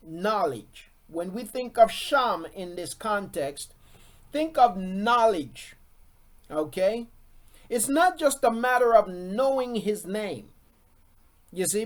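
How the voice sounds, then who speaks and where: A Bible teacher leading a scripture lesson, repeating key words for emphasis and often checking in with "okay?". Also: mid-range voice. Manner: slow and deliberate, with frequent "okay?" check-ins.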